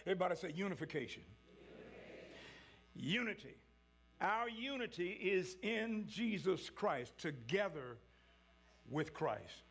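A male preacher delivering a sermon, with call-and-response preaching that rises into shouts. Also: high voice, creaky.

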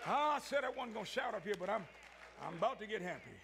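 A male preacher delivering a sermon, with call-and-response preaching that rises into shouts. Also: very high-pitched, brisk, vocal fry, some chatter behind.

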